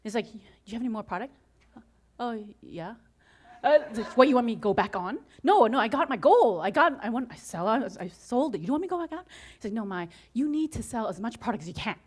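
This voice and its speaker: A woman giving an inspirational talk to an audience, telling her story with frequent laughter and acting out her own excited reactions. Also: a little high, fast, breathy edge. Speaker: motivational speaker.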